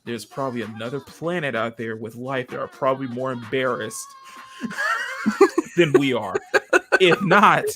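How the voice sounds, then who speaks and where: Emphatic woman host with lively pitch. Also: a little slow, pauses often, slight background noise. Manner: emphatic, playful, drops swears. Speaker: host, drawing on stream. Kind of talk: casual livestream chat.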